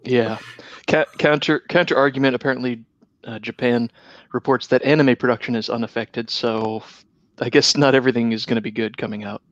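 A man's voice: medium pitch, fairly even intonation, a little fast, no room sound. A man co-hosting a casual talk show, making dry, wry remarks. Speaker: podcast co-host. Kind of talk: casual chat. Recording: dull, dry, muffled.

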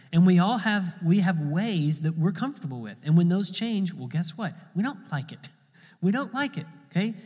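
A man's voice: a little high, darkish tone, in a large hall. A man preaching a sermon in a conversational way, often repeating words as he goes. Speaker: pastor.

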